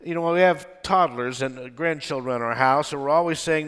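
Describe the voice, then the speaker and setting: A man's voice: a little high, animated, moderate pace, few pauses, a bit bright, smooth. An older man preaching a sermon to his congregation, with emphatic delivery, often asking them to respond. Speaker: pastor. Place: church with balcony.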